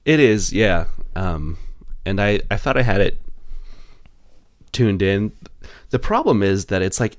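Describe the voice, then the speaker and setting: A man co-hosting a podcast in casual chat, relaxed and explaining things at length. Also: low voice, no echo, clean studio sound. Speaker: podcast co-host.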